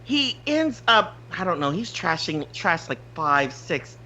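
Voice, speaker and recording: A podcast host telling a story in casual chat, animated, swearing freely and laughing often. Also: male voice, on the high side, a little slow, highs cut off.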